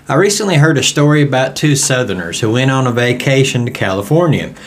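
Southern US man, Bible study teacher, relaxed folksy delivery, medium voice. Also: medium pitch. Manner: folksy storytelling, conversational.

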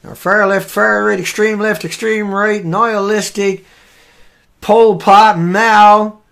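A man hosting a live show, giving heated, emphatic commentary on news headlines with sudden loud bursts. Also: high voice, flat delivery, slow, vocal fry.

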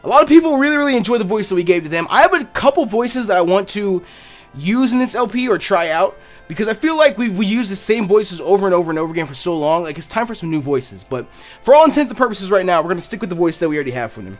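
A man's voice: high-pitched, animated, fast talker, soft background music. A man doing rambling, profane let's play commentary while gaming. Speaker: gaming YouTuber.

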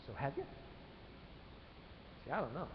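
A man preaching a sermon, swinging from loud emphatic lines to quiet ones, in a church sanctuary. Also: on the high side, big pitch swings, unhurried, slight background noise. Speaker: pastor. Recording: echoey church hall, dull live stream.

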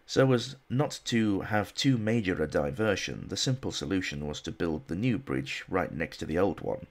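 A man's voice: low voice, expressive, moderate pace. A man narrating a history documentary in a scripted style with dry, wry asides.

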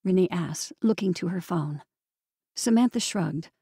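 A woman's voice: fairly low pitch, brisk, dark tone, slightly rough, dry recording. Woman reading an audiobook, dry sound. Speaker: audiobook narrator. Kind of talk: scripted narration.

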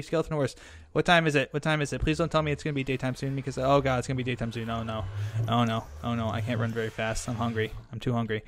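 A young man giving Minecraft let's play commentary, frantic and excitable, rambling fast when thrilled. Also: mid-range voice. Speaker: gaming video host.

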